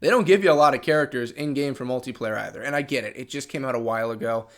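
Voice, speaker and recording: A man's voice: mid-range voice, very fast. A man hosting a gaming channel, ranting in an unscripted vlog, frustrated and sarcastic, and losing his voice. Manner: frustrated and sarcastic, with many restarts.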